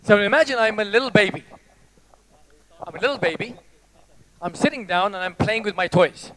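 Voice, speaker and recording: Male motivational speaker, high voice, theatrical storyteller who works the crowd on stage. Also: moderate pace, a bit bright, slight background noise. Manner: playful, theatrical storytelling, addresses the audience. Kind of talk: live motivational talk. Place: stage before a live audience.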